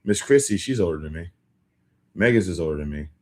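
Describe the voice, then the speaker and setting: Young man, livestream chat, slangy and rambling, lowish voice, animated bursts. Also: fairly quick. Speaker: livestream host. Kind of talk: casual live-stream chat with viewers.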